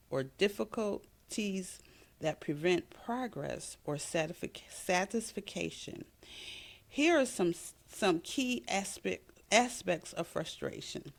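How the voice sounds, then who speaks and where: A woman hosts a solo podcast from her home, speaking in a low, gravelly voice. She talks earnestly and casually, leaning on fillers and restarting words as she works through her notes. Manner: earnest, reads from notes with frequent fillers and self-corrections. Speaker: podcast host.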